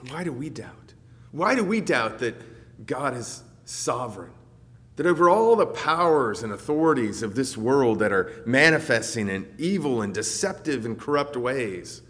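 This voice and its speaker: A man preaches with a dynamic delivery, rising to loud, emphatic peaks and then dropping to a soft, reflective murmur. His voice sits at an average pitch, and a long reverb trails each phrase as if he is speaking in a large hall. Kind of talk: sermon.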